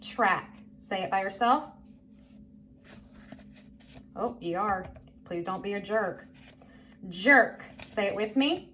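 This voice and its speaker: A woman's voice: medium pitch, slow pace, long pauses, bright, forceful tone. A woman teaching a phonics lesson to young children, patient and encouraging, drawing out each word for them to repeat. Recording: faint background noise.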